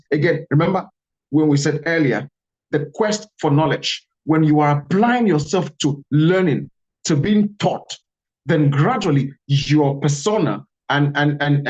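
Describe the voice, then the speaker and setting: A man's voice: a little high, a little mellow. A man giving an online lecture on communication, emphatic and repeating his key phrases. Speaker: communication instructor. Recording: dull lo-fi audio.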